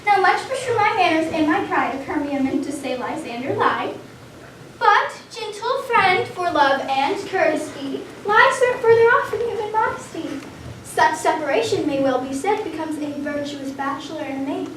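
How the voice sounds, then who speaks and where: Brief: student actress as modest young beloved, very high voice, distant echoey stage sound. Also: female voice, animated, moderate pace. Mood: tender. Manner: gentle, coaxing verse delivery. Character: young woman Hermia, modest and devoted. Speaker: student actor. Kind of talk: school stage performance of verse. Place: theatre workshop room. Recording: echoey room, from far off, noisy.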